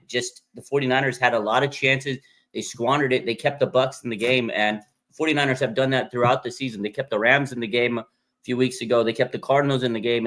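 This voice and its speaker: Fired-up man reacting to a football game. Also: mid-range voice. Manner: animated, emphatic, repeats himself, frequent fillers. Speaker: fan show host. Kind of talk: live sports reaction talk.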